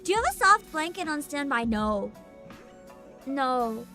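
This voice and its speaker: A woman's voice: sits high, very animated, measured pace, pushed and bright, soft background music. A young woman hosting a casual VTuber livestream, sleepy and giggly, reading chat aloud. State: sleepy and tired.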